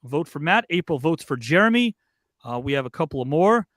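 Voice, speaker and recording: High-voiced upbeat male show host. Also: sing-song, fairly quick, a bit bright, no room sound, studio quality. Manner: upbeat, reads viewer comments and votes aloud. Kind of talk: live online show hosting.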